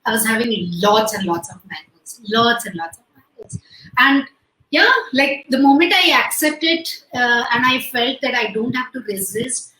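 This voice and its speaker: A woman's voice: fairly high pitch, pushed and bright, echoey room, rough recording. A woman in her late forties with an Indian English accent, telling a personal story in an interview, full of "like" and "you know" fillers. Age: late 40s. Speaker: guest. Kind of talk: conversational interview over video call.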